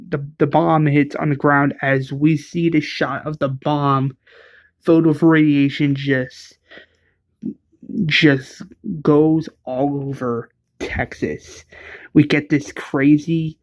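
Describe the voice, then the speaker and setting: A man's voice: a little high, little pitch movement, takes it slowly, dry recording, highs cut off. A young man casually retelling a fan-made story scene by scene, rambling with fillers and restarts.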